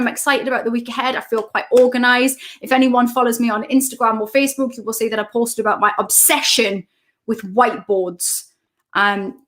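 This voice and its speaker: A woman's voice: on the high side, fairly bright tone. A woman, a coach hosting a casual live stream from home, chatting as she greets viewers by name and reads out their comments.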